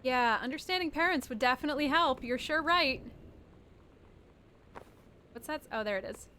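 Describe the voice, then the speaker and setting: A woman's voice: sits high, expressive, moderate pace, sharp tone, slight background noise. A woman streaming a game, chatting and reacting aloud, swearing casually as she reads what she finds. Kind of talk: live game commentary.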